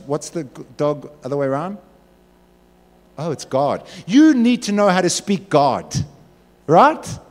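A man preaching a sermon in an animated way, acting out voices and jokes. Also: fairly high pitch. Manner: animated, acts out voices and asides. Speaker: pastor. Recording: echoey hall.

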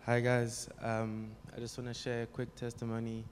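A man's voice: mid-range voice, completely flat delivery, moderate pace, a little hiss or hum. A young man telling his testimony to a youth group, plain, with frequent ums. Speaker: congregation member giving a testimony. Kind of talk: spoken testimony.

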